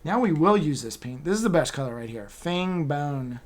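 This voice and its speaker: Crowd noise surrounds this man as he teaches miniature painting live online through his computer's mic, joking and chatting while he paints. He sounds a little high, very animated and fast.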